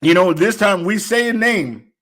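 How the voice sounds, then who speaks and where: A man co-hosting a casual sports talk show, playful and excitable, who laughs often. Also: sits high, moderate pace. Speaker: co-host.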